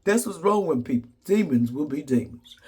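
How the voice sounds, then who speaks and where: A man's voice: on the high side, expressive, normal speed, husky. A man telling comedic stories to the camera in a sassy, blunt way, laughing often. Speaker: vlogger. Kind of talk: casual comedic storytelling.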